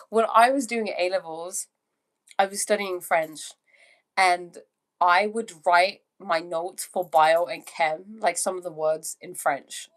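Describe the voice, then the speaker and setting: A young woman from England chats on her livestream in a relaxed, rambling way. Her voice sits in a middle pitch, and she drifts between thoughts as she answers viewers. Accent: English. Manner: chatty, meandering, tries out French phrases. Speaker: livestream host.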